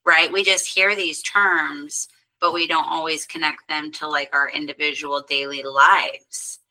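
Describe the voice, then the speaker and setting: A woman's voice: sits low, level tone, measured pace, pushed and bright, rough recording. A middle-aged woman who runs mental health workshops, talking earnestly and explaining through examples in a conversational interview.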